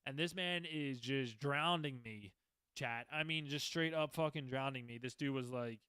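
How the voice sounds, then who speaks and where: Young guy rambling thru his stories on his podcast, cusses a lot, smooth clear voice, dry close sound. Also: mid-range voice, normal speed, sharp tone, no room sound. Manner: rambling, swears a lot, restarts often. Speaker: podcast host. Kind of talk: casual storytelling monologue.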